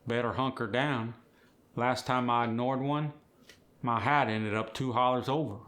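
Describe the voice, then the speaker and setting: A man's voice: mid-range voice, fairly even intonation, measured pace, fairly bright tone, lightly acted. A man putting on Earl, an Appalachian country man. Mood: easygoing.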